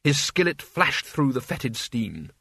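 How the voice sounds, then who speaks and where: A man narrating an audiobook in a wry, measured storytelling manner. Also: medium pitch, sing-song, pushed and bright, husky, no room sound. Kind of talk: scripted narration.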